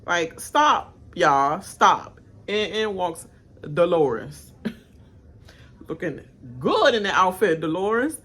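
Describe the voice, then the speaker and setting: Chatty woman reacting with lively swings. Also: takes it slowly. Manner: chatty, laughs often, acts out cast members' lines in high squealing voices. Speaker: reaction channel host. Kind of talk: casual live-watch reaction commentary.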